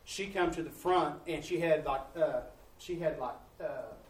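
A man's voice: on the high side, unhurried. A man, a missionary preacher telling testimonies in a folksy sermon style, acting out the dialogue. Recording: echoey room, distant mic, faint ambience.

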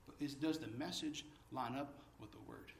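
A man preaching a sermon, telling stories with lively energy that climbs high and loud when excited. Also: moderate pace, gravelly, distant mic, slight background noise. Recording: echoey room, from off mic.

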